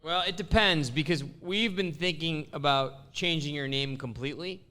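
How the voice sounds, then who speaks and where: A man hosting a comedy podcast, asking mock-serious interview questions in a deadpan way. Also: on the high side, normal speed.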